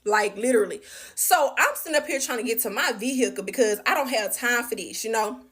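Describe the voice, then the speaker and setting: A chatty woman recounts a bad relationship for her viewers. She is lively and talks straight to them. Her voice sits a little on the high side. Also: brisk, slightly rough. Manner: animated, chatty, addresses viewers directly. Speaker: storyteller. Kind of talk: casual storytime vlog.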